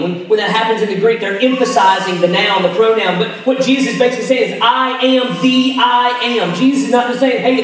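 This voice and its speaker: A man preaching a sermon, retelling a scripture story, dropping to hushed tones and rising to emphatic ones. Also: sits high. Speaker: pastor. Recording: echoey hall, mic at a distance.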